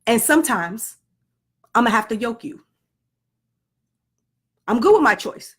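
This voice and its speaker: A middle-aged woman vlogging about parenting in a sassy, blunt and animated way, with sudden asides. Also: fairly high pitch, unhurried, husky. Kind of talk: candid parenting vlog.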